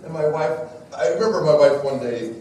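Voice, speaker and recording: A man's voice: a little high, a little fast. A middle-aged man delivers a live devotional talk, his voice rising and falling freely as he tells stories against himself. The recording is heavily reverberant and taken from a distance, with a faint hum of the room behind. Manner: lively storyteller, jokes at his own expense. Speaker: speaker at a church parenting talk. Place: large echoey room with a live audience. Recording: echoey hall recording from far off.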